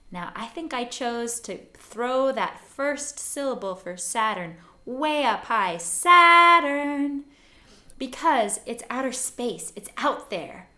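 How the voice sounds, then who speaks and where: Casting: female songwriting teacher, unhurried and clear, bright tone, gently sings examples. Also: mid-range voice. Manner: patient and encouraging, sings short phrases to demonstrate. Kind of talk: gentle step-by-step lesson for learners.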